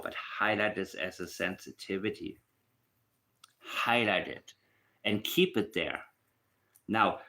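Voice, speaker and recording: Man, low voice, very slow pace, emphatic, casual commentary monologue. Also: fairly bright tone. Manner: emphatic, repeats his points. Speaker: true crime commentator.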